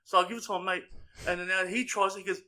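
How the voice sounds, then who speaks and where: A man's voice: high-pitched, fairly even intonation, rapid-fire, bright, forceful tone. A young man co-hosting a podcast, telling crude, profanity-heavy stories with a lot of laughing. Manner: swearing, rowdy, laughing storyteller. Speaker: podcast co-host. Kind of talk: casual storytelling chat.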